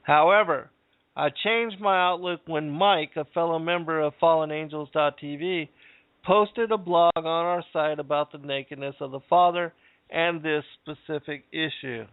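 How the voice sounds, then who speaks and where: A man hosting a talk show, reading scripture passages aloud and commenting on them in a measured way. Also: on the high side, smooth, no room sound. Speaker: podcast host. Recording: dry phone-like audio.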